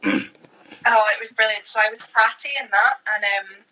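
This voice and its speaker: A woman's voice: on the high side, little pitch movement, moderate pace, sharp tone, rough recording. A young woman, an actress in her late teens, chatting as a guest in a hesitant way, full of restarts. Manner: hesitant, many fillers and restarts. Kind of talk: casual interview chat.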